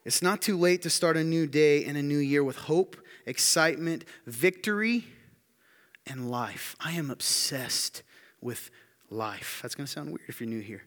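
A man's voice: lively intonation, measured pace. A man preaching a sermon to his congregation, emphatic and often asking the room rhetorical questions. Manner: emphatic, building to loud high-pitched intensity. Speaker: pastor. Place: church hall. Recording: long hall reverb.

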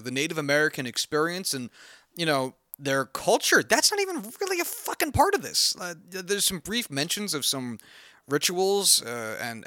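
Man, film reviewer, piercing bright voice, slightly high, profane exasperated rant, casual. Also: no echo, studio quality. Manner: exasperated, profane ranting with many fillers. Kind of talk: casual spoken movie review.

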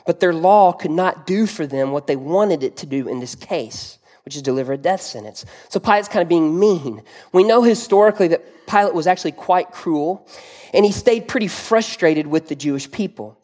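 Preaching pastor, vivid dramatic storyteller. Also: male voice, a little high, a little mellow. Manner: rhetorical questions to the congregation. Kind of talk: sermon.

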